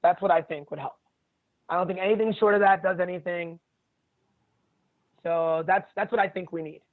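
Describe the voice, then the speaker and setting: A man's voice: high-pitched, steady tone, normal speed. A man who teaches jiu-jitsu, chatting as a podcast guest and telling stories in a blunt, profane way, laughing often. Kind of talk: casual storytelling chat. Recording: tinny phone-like sound.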